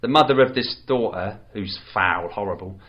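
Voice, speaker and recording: A man's voice: on the low side, moderate pace, highs cut off. A man, co-hosting a podcast and retelling a film plot in a rambling, casual way with lots of restarts. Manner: rambling, with many restarts and fillers. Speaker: podcast co-host.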